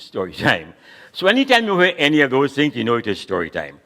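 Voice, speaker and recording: A man's voice: mid-range voice, moderate pace. A man, an older Caribbean storyteller, performing comic stories and dialect poetry with a theatrical, playful delivery. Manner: lively, theatrical, playful voices and rhythmic delivery.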